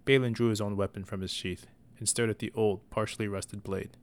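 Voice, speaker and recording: Low-voiced man reading a story. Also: level tone, fairly quick, hardly any pauses. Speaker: audiobook reader. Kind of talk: storybook narration.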